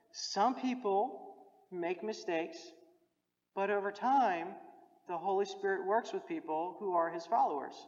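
A preacher giving a sermon who talks directly to the listeners and urges them on, often repeating key phrases. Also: mid-range voice. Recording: dull recording with long hall reverb.

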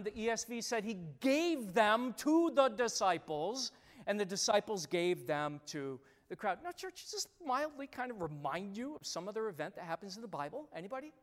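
A pastor preaching a sermon, speaking emphatically and addressing the congregation directly, with lots of repetition. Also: mid-range voice. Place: church sanctuary. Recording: long reverb of a large church hall.

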